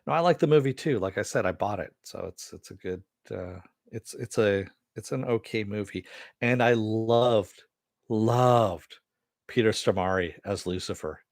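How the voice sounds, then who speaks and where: A man's voice: lowish voice, a little slow, dry recording, studio quality. An American man hosting a casual live stream, rambling and reading viewer comments aloud. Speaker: host.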